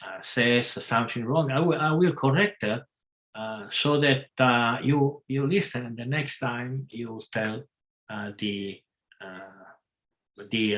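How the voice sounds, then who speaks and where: A man leads a scripture class at a very unhurried pace. He gropes for words, stops often and corrects himself as he goes. His voice sits at an ordinary middle pitch. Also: fairly bright tone. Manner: halting, many pauses and self-corrections. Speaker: class speaker.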